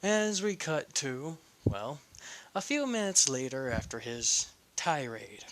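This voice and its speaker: A man narrates an improvised story, ad-libbing as he goes and stopping for small hums and restarts. He speaks slowly, and his voice is bright and forward. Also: fairly high pitch, very animated, a little hiss or hum. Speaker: fan fiction narrator.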